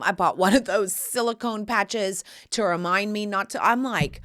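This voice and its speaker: A woman podcast host from Texas, telling stories in a sassy, animated casual chat. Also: medium pitch, measured pace, gravelly, hardly any pauses. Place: studio or home set, shooting video.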